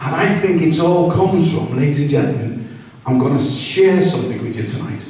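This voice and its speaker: A man's voice: a little high, lively intonation, normal speed, a little mellow. A man doing crude, chatty stand-up and talking to the audience by name. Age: 60s. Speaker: stand-up comedian. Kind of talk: open mic stand-up. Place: small comedy club. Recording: very echoey room from far off.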